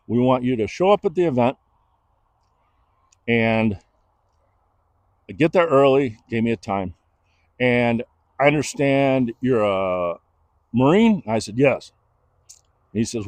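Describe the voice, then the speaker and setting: Middle-aged man, animated storyteller, acts out quotes, dry close mic. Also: mid-range voice, slow, pauses often, no room sound. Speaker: podcast host telling a personal story. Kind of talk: casual storytelling.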